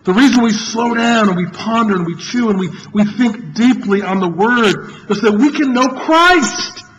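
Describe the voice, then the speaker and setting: High-voiced man preaching an emphatic sermon. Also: fairly bright tone, dull audio, slight background noise. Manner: earnest and emphatic, repeating key phrases with dramatic pauses. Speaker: pastor.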